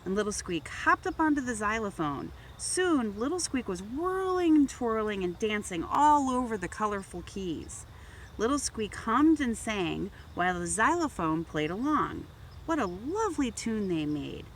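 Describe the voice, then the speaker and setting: A woman volunteer reading a children's picture book aloud, gently narrating and lifting her voice for the toys. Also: medium pitch, big pitch swings, a little slow, a little hiss or hum. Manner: gentle storytelling, raising voice for toy characters. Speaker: volunteer reader.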